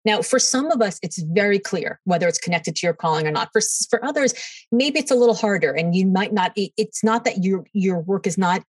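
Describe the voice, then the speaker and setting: A middle-aged woman, a podcast guest, answering in an animated way and acting out what others said to her. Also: medium pitch, fairly quick, slightly rough, dry recording, distant mic. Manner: animated, quotes others in dialogue. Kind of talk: storytelling interview answers.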